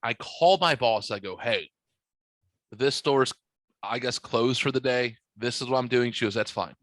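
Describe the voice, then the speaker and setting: A man's voice: mid-range voice, a little slow, fairly bright tone, no room sound. A man hosting a podcast, telling a long story in casual chat, swearing freely and acting out the dialogue. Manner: profane, rambling, acts out dialogue in his stories. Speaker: podcast host.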